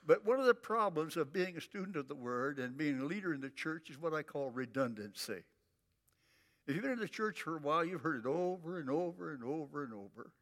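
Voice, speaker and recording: An older man preaching a sermon in a folksy, emphatic way, drawing out repeated phrases slowly. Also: a little high, a bit bright, long reverb tail. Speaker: pastor.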